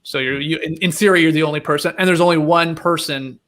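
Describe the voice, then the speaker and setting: Higher-voiced joking podcast host. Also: male voice, steady tone, fast, a bit bright. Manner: easygoing and jokey. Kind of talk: casual podcast chat, reading listener emails.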